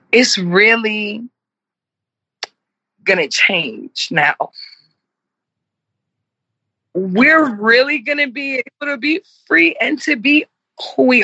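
A woman's voice: a little high, animated, takes it slowly, pauses often, pushed and bright, husky, no echo, muffled recording. A woman in her forties, speaking earnestly and with passion in an interview and repeating herself for emphasis. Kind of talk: heartfelt conversational interview.

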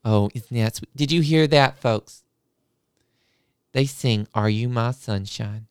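A woman's voice: rumbling low, slow pace, darkish tone, smooth, no echo, studio quality. A woman voicing a theatrical, syrupy music teacher who talks to children as if performing into a microphone. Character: gushing sing-song female music teacher, middle-aged.

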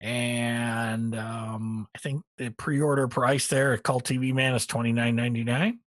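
A middle-aged man co-hosting a casual hobby podcast, relaxed and rambling with many ums, a little tired. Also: mid-range voice, unhurried, no echo. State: tired, yawning. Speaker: podcast co-host. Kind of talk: casual hobby news chat.

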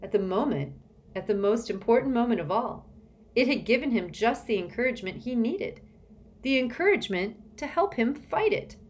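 A woman narrating an audiobook in a measured, expressive storytelling manner. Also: on the high side.

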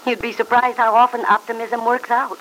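An actress playing a warm, friendly, optimistic country aunt in a 1940s-style radio drama. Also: female voice, on the high side, flat delivery, a little fast, a little hiss or hum, close to an everyday voice, poor audio.

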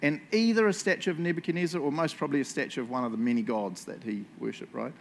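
A man's voice: mid-range voice, quick pace, vocal fry, a little hiss or hum. A man leading a casual Bible study for a group indoors, chatty and jokey, asking the room questions. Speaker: youth or Bible study leader.

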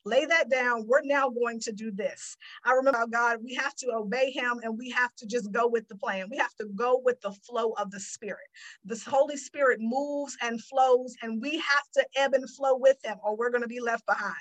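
Female Christian teacher, slightly high pitch, animated sermon delivery. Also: fairly quick, low-quality recording. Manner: animated, acts out her own prayers and God's replies.

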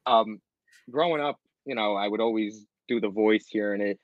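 A man's voice: lowish voice, normal speed, no room sound, dull audio. A young man, a comedian, telling stories in a casual interview with frequent laughs. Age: young adult. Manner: chatty storyteller, laughs often, slips into impressions. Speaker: guest, comedian and impressionist.

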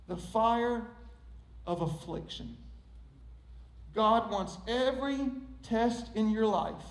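Casting: male pastor, very high voice, lively delivery, roomy church echo. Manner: fast, animated storyteller, dropping to soft prayer. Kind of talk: sermon.

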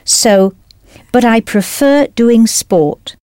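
A woman's voice: on the high side, very slow, darkish tone, no echo. Patient woman teaching in a dry studio. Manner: clear, patient, encouraging. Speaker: language teacher. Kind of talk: scripted language lesson narration.

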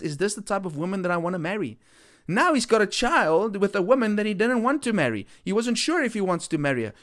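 Earnest man preaching. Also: high voice. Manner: earnest, repeats for emphasis, frequent restarts. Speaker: Christian speaker.

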